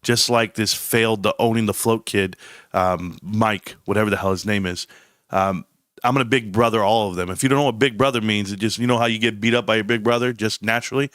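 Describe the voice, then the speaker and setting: Casual livestream talk comes from a middle-aged man with a low-leaning, fairly bright voice, captured in studio quality without room sound. He's blunt and meandering, frequently interrupting himself partway through sentences.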